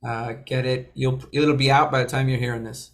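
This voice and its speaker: Podcast cohost guy, kinda halting, lots of you know and uh. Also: medium pitch, little pitch movement. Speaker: podcast co-host. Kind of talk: casual podcast chat.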